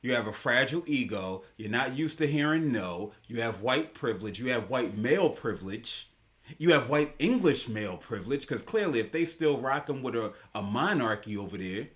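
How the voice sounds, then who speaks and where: A man's voice: medium pitch, animated, normal speed. A man hosting a live online talk show, giving casual commentary in an emphatic, slangy way and repeating his points for effect.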